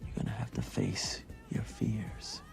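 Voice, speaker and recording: An actor playing a calm, earnest man who reassures a survivor. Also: unhurried, music in the background, natural voice.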